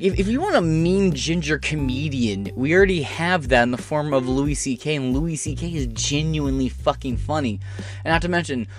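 A man hosting a podcast, reading news and riffing in a sarcastic, profane way. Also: mid-range voice. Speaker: podcast host. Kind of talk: casual commentary.

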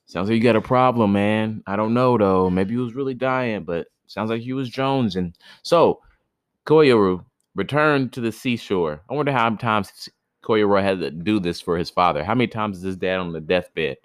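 A man with a lowish voice hosts a podcast, reading a myth aloud at a moderate pace and breaking off for jokey, slangy asides while stumbling over names. The sound is studio quality with no echo.

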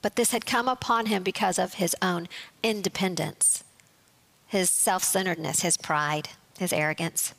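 A woman teaching a Bible study, explaining scripture in a measured way and reading verses aloud. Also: lowish voice, steady tone, creaky, fairly bright tone.

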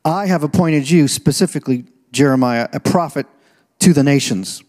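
A male pastor delivers an emphatic sermon, his voice sitting a little higher than most men's. He drops low and measured, then builds loud and rising, stretching out key phrases slowly. The long reverb of a large church hall trails behind every word. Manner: slows right down to stress key phrases. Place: church auditorium.

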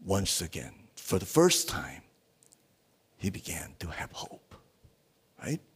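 A man preaching a sermon as a guest speaker at a small church, halting with many fillers and pausing to ask the congregation rhetorical questions. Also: low-pitched, wildly swooping pitch, breathy edge, in a whisper.

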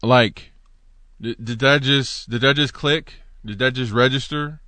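A man giving an informal Bible teaching in an animated, conversational way, asking his listeners rhetorical questions and reading passages aloud. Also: mid-range voice, measured pace, no room sound. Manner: reads scripture aloud.

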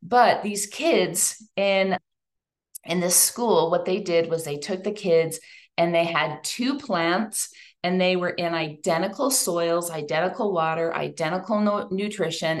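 Chatty, emotional woman speaker. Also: on the low side. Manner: chatty and emotional, lively asides. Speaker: speaker at a women's event. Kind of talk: talk to a live audience.

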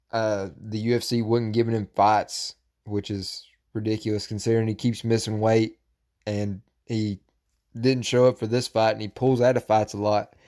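A man hosting a combat-sports podcast, talking casually and profanely, breaking into loud, animated rants. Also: mid-range voice. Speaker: podcast host.

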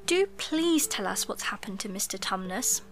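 A woman's voice: medium pitch, expressive, moderate pace, faint music behind, lightly acted. A woman voicing an anxious, kind-hearted young girl in a storybook reading, pleading and breathless.

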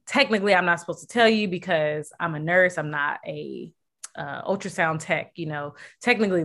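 A woman's voice: low-pitched, fairly bright tone. Candid woman telling a personal story. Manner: candid, filler-heavy, acts out quoted voices. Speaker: guest sharing personal story.

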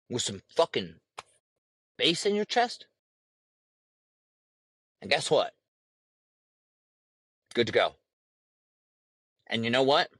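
A man's voice: medium pitch, fairly bright tone, dry recording. A man hosting a podcast, ranting heatedly with lots of swearing, repeating lines for emphasis. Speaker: podcast host. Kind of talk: profane opinion rant.

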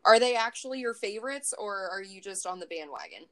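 A woman's voice: mid-range voice, expressive, fairly quick, fairly bright tone. A woman co-hosting a casual chat, playful and teasing, laughing often. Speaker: podcast co-host.

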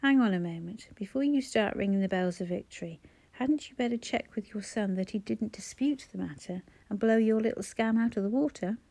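A woman reading an audiobook, voicing a sharp-tongued, no-nonsense housekeeper who speaks briskly and caustically. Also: medium pitch, creaky. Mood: caustic. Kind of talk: audiobook character voice.

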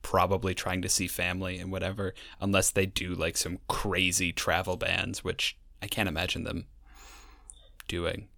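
A man's voice: deep voice, little pitch movement, moderate pace, gravelly, pushed and bright, no room sound, studio quality. A young man co-hosting a casual podcast, talking in a wry, sarcastic way and rambling through his stories. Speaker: podcast co-host. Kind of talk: casual chat.

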